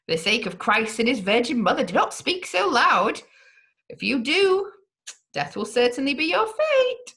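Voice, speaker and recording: A woman voicing a female prison servant with a lowered, confiding voice in a gothic storybook reading. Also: very animated, moderate pace, fairly bright tone. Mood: urgent.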